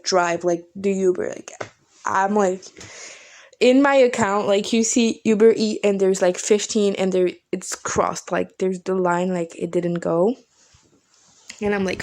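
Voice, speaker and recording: A young woman vlogger telling a night-out story casually, swearing often and acting out what everyone said. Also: mid-range voice. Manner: animated, swears a lot, acts out quotes.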